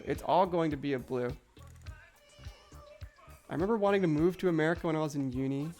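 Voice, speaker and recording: A young man with a high voice, chatting casually on a live stream. He rants with frustration, swears often and fills his talk with "like". Faint music plays under him. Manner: frustrated ranting, heavy swearing, many "like" fillers. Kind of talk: casual live-stream chat while gaming.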